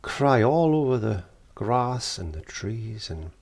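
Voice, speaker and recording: A man voicing a lonely, misunderstood little storm cloud, speaking gently. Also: medium pitch, big pitch swings, slow pace, heavily acted. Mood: wistful.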